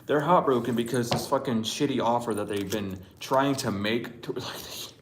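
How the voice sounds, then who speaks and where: Man, tarot reader, blunt and profane, mid pitch, echoey room. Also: moderate pace, a little hiss or hum. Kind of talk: casual spiritual reading rant. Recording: roomy echo.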